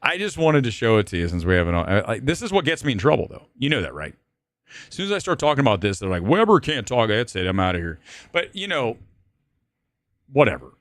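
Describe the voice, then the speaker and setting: Lively, rambling male stream host. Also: fairly low pitch, quick pace, no room sound, clean studio sound. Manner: rambling, joking, profane. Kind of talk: live-stream movie talk.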